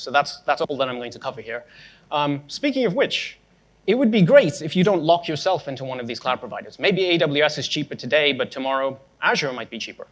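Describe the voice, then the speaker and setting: A man's voice: mid-range voice, fairly bright tone. A young man giving a conference tech talk, casual and sarcastic with joking asides. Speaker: conference speaker.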